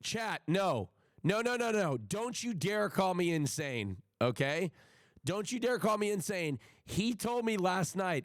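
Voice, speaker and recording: A man streaming live, telling a travel story to his chat in an animated, profane and exasperated rant. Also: high voice, unhurried, no echo, clean studio sound.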